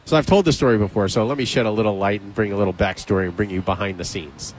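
A man hosting a radio talk show, telling a backstage story in casual banter and acting out the quotes in a higher voice. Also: very fast, a little hiss or hum, poor audio. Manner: animated storyteller, acts out quotes with raised pitch.

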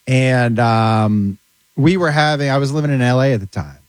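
A man, a comedian guest, chatting casually and telling animated stories. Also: mid-range voice, moderate pace, clear, resonant tone, no room sound, poor audio. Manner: animated storyteller, slips into character voices. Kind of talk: casual podcast chat.

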